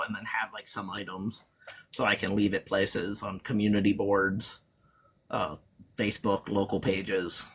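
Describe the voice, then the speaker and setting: Bright-voiced chatty man. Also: lowish voice, fairly even intonation, moderate pace, breathy edge. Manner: rambling, filler-heavy, self-interrupting. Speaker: guest reseller. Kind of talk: casual live-stream chat.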